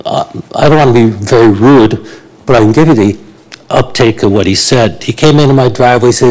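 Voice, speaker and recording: A man's voice: medium pitch, a little fast, darkish tone, poor audio. A man, addressing a town council as a local resident, blunt and indignant, with many hesitations. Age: 80s. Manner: blunt, indignant, with frequent uh fillers. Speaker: resident speaking at a public meeting. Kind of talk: public delegation to council.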